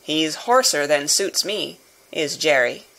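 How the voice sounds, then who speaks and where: A woman voicing a gruff, wary male coach guard who growls and shouts commands in an audiobook reading. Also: mid-range voice, animated, moderate pace, low-quality recording. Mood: grumbling. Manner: loud, barking commands. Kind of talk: audiobook character voice.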